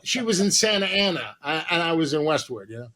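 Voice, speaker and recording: A man's voice: fairly high pitch, big pitch swings, a little fast, crowd noise. A man who is a comedian and actor, a podcast guest telling a long, rambling, profane anecdote full of quoted dialogue.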